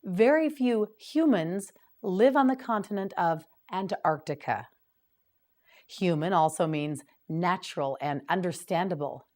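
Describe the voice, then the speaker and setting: A woman teaching English vocabulary to beginners, repeating each word slowly and clearly with patient prompts. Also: on the low side, a little mellow. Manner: patient, clearly enunciated repetition. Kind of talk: slow vocabulary drill for beginners.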